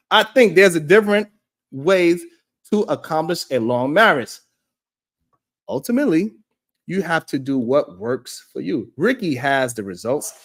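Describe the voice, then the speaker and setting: A man hosting a talk show, reacting to clips in loose, animated commentary, laughing and repeating himself for emphasis. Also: on the high side. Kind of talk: casual commentary. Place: studio.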